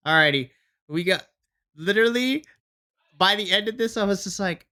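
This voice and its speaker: A man's voice: sits high, moderate pace, long pauses, pushed and bright. A man co-hosting a casual podcast, sighing and chatting as he leads the rundown of a wrestling show. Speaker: podcast co-host. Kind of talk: casual wrestling review chat.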